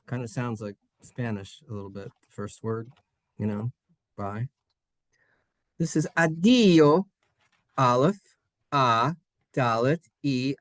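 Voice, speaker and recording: A man's voice: mid-range voice, dry recording, studio quality. A man teaching a playful Hebrew lesson to children in a synagogue classroom, jokey and sing-song.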